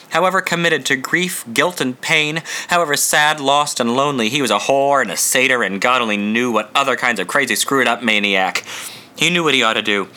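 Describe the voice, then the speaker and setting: A man narrating an audiobook in a measured, dramatic storytelling manner. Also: mid-range voice, pushed and bright.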